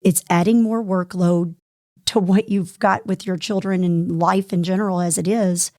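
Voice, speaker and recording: A woman's voice: lowish voice, steady tone, normal speed, warm tone, dry recording. Middle-aged woman podcast cohost, earnest storytelling, dry close mic. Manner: earnest, recounting conversations. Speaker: podcast co-host. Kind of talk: personal storytelling.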